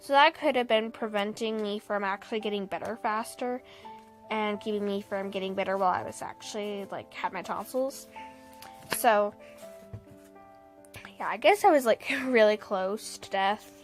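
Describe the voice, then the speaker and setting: A woman's voice: medium pitch, normal speed, faint music behind. A young woman casually telling a personal story to the camera, laughing often and acting out what people said.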